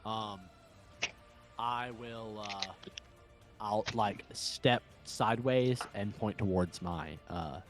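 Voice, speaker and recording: A man playing in a tabletop game, speaking in character in a quiet, low-key way. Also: takes it slowly, music in the background. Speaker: player.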